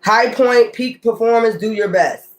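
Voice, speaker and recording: A man's voice: extremely high pitch, unhurried. A man doing a casual tarot reading, talking straight to his viewers, cursing often and laughing between cards. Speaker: tarot reader.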